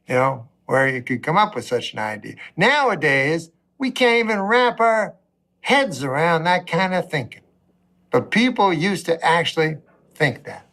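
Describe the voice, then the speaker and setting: A middle-aged male comedian works through a long, rambling stand-up story in a flat, deadpan delivery. His voice sits high for a man, and his asides come out in mock outrage.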